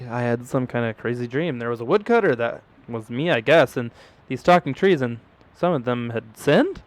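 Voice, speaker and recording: A man's voice: mid-range voice, animated, normal speed. A man playing a video game who reads its dialogue aloud, joking and swearing between lines. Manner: reads dialogue in mock old English, swears, jokes. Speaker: gaming YouTuber. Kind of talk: let's play commentary, reading game text aloud.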